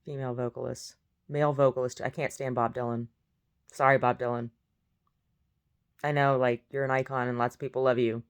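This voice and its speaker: A woman's voice: a bass voice, little pitch movement, a little fast, pauses often, smooth. Woman ranting from bed in her groggy morning voice, blunt and opinionated, rambling along. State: groggy first-thing-in-the-morning voice. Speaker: vlogger. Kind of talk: casual monologue. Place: in bed at home.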